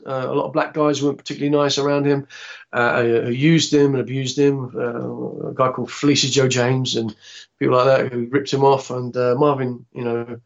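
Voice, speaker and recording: A man, telling a long anecdote in a rambling, halting way with many restarts. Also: medium pitch, muffled recording. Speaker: interviewee, film actor. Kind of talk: casual anecdotal storytelling.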